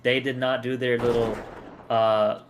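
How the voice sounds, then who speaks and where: A man co-hosting a gaming stream, speaking in a measured, explanatory way and working through his points with analogies. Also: medium pitch, level tone, soft background music. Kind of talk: casual chat while gaming.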